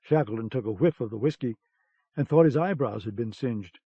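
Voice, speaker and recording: A man narrating a novel in a steady, measured way for an audiobook. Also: medium pitch, slightly rough, no room sound. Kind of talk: scripted narration. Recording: dull cassette-era audiobook sound.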